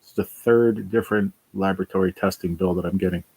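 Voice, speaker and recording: Tired low-voiced New man. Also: fairly even intonation, fairly quick, a little mellow, breathy edge. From New Jersey. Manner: tired, sighing, swears casually. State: worn out. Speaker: livestream host reading chat. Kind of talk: casual livestream chat.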